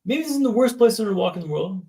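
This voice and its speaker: A man's voice: high voice, lively intonation, rapid-fire, warm tone. A man in his thirties, a podcast guest telling his story in a vivid, dramatic way and often checking in with "right?". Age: 30s. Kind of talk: storytelling interview. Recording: echoey room.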